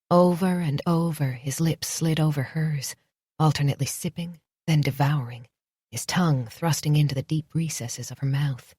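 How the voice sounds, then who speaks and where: A woman narrates a romance audiobook in a soft, intimate, measured way. Her voice sits very low and sounds husky. The recording is close and dry. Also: no echo.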